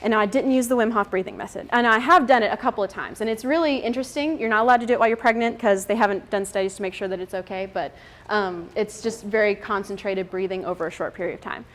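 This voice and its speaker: A woman's voice: mid-range voice, fast, fairly bright tone. A woman in her thirties giving a chatty talk to a group of mothers, laughing often and using many fillers. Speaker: speaker at a moms' group. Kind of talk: casual talk to an audience.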